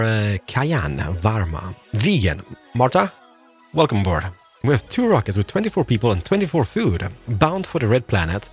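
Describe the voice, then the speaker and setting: A man's voice: medium pitch, slightly rough. A man in his thirties giving playful, jokey let's-play commentary as a gaming video host, thinking aloud as he plays.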